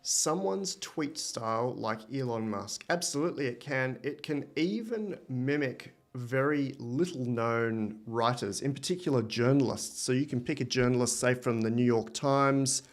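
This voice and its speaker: A man with an Australian accent hosting a live software demo, thinking aloud with enthusiasm as he types and explains. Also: medium pitch, moderate pace, hardly any pauses. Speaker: livestream host.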